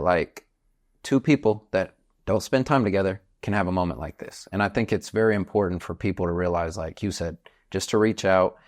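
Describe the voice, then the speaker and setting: A young adult man hosting a podcast in casual chat, earnest and a little hesitant. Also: sits low. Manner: earnest, hesitant, frequent likes. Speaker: podcast host.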